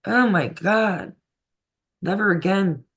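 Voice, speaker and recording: A woman's voice: medium pitch, lively intonation, slow pace, husky. A woman co-hosting a casual conspiracy talk show, chatty and laughing often as she jumps between topics. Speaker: podcast co-host.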